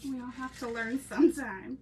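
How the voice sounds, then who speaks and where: A woman's voice: on the high side, steady tone, normal speed. A woman from Ohio hosting a casual live crafting stream, chatty and laughing often as she talks to her viewers. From Ohio, USA. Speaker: crafting channel host. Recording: slightly distant mic with faint background noise.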